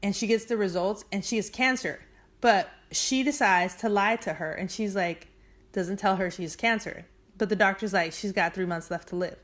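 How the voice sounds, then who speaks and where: Woman vlogger, casual chatty plot recap, voices the characters' quotes, medium pitch. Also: normal speed, a bit bright. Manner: chatty, filler-heavy storytelling with acted-out quotes. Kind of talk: casual movie recap to a sibling.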